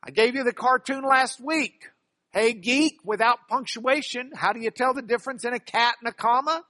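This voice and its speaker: A man's voice: very high voice, normal speed, pushed and bright, no echo. A man who works as a trial lawyer teaching a class from slides, folksy and emphatic, with joking asides.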